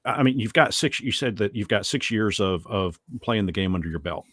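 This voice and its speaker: A man's voice: fairly low pitch, lively intonation, fairly quick, a bit bright, no room sound, studio quality. A middle-aged man hosting a casual chat, hesitant and often repeating words as he searches for them. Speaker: host.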